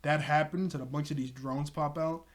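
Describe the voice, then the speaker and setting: A man with a slightly raised voice talks through a cartoon episode he just watched. He rambles excitedly and stacks up fillers as he retells scene after scene in a loose, casual recap. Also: fairly high pitch, normal speed. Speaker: TV episode reviewer.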